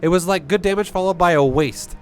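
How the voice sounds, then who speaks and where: A man's voice: high voice, fairly quick, a little mellow, soft background music. A young man giving blunt, profane, rambling coaching on a game. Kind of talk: casual game coaching commentary.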